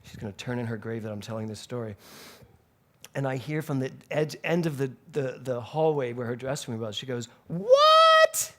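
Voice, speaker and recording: A man's voice: medium pitch, brisk, noisy background. A male minister giving a Sunday sermon in a spiritual center, telling stories animatedly and laughing along the way.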